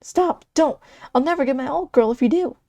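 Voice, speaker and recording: A woman's voice: high voice, a little fast, warm tone, no echo, voice pushed up. A woman voicing a lovesick nerdy man obsessed with elves, in a whiny, pleading manner.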